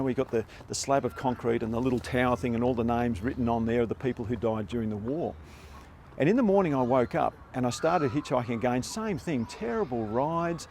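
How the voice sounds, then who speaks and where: An older Australian man telling a story in a relaxed, wry, conversational way. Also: mid-range voice, slight background noise. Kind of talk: casual spoken storytelling.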